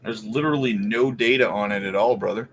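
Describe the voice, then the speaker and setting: A man's voice: on the low side, a little fast, slight background noise. Canadian man chatting on a crypto livestream. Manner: relaxed, thinks aloud while looking things up. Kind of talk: casual livestream chat reading viewer questions.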